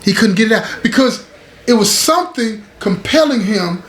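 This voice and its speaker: A man with a fairly high speaking voice tells a story in a casual, emphatic way. He repeats key lines and calls on his listeners to pay attention. The room sounds echoey, with a faint hiss behind him. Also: expressive, fast talker, fairly bright tone. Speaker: storyteller host. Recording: roomy echo, faint background hiss.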